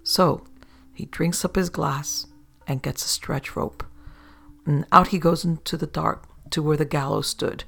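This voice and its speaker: A man narrating an old sailor's yarn aloud in a steady storytelling manner. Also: fairly high pitch, unhurried, gravelly.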